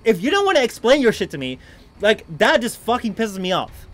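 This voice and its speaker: A young man livestreaming a game, swearing freely, with loud frustrated outbursts and rambling, filler-heavy asides. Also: sits high, big pitch swings, fast talker. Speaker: streamer. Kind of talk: live gaming stream commentary.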